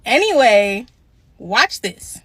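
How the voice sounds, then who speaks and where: Host-type woman, bright and punchy, dry close sound, blunt and preachy commentary. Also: on the high side, sing-song, slow pace, slightly rough, no room sound. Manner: blunt, lecturing, sassy. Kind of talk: reaction commentary on clips.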